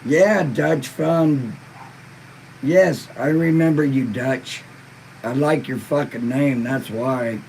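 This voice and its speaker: Stoned dude rambling slow on a live stream, kinda gravelly, faint hiss behind. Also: male voice, mid-range voice, a little mellow, rough recording. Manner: laid-back, profane, rambling. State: a little stoned and in pain. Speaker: livestream podcast host. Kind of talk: casual live-stream chat reading viewer comments.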